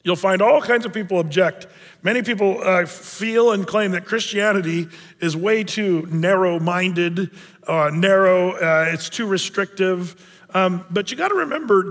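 A man's voice: high voice, normal speed, fairly bright tone, big-room sound. A man preaching a sermon as a pastor, in a conversational way with joking asides.

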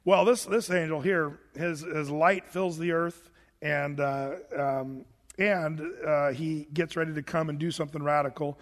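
A man's voice: a little high, fairly even intonation, measured pace, long reverb tail. A man preaching a sermon to his congregation in a church sanctuary, talking casually with many restarts and fillers. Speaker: pastor.

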